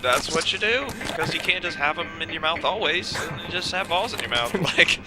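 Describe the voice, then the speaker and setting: Young male co-host, deadpan sidekick, higher-pitched, loud music bed. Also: a little fast. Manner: dry deadpan replies. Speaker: livestream co-host. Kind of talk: casual improvised comedy banter.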